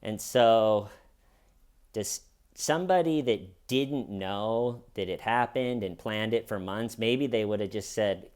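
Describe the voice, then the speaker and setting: A man's voice: on the low side, slow, a little mellow, clean tone. A man giving sarcastic, comedic true crime commentary with wry asides.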